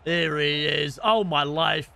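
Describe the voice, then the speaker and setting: A young man giving casual, chatty commentary over his gameplay, now and then shouting excitedly at the game. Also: high voice, moderate pace, background noise. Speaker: streamer.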